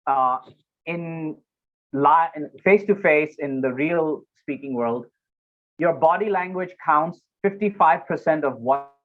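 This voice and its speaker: A fairly high-voiced man talks in a relaxed interview as a public speaking coach. He is animated, breaking into loud acted-out lines now and then. The sound is dull and muffled, as over an online call. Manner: animated, acts out moments with sudden loud exclamations. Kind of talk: casual interview talk.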